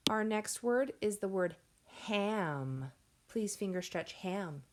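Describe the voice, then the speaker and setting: A woman teaching a phonics lesson to young children, sounding out words slowly and clearly and encouraging the class. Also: medium pitch, animated. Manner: encouraging, addresses class as friends.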